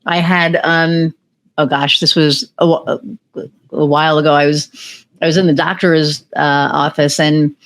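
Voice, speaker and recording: A woman hosting a podcast, a chatty and animated storyteller. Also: low-pitched, moderate pace. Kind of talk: podcast conversation.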